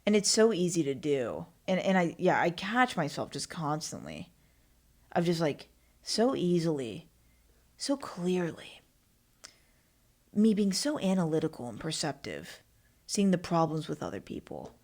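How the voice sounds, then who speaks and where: A woman's voice: lowish voice, big pitch swings, unhurried, a little mellow. A woman hosting her own podcast, rambling and self-mocking in casual solo chat. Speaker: podcast host.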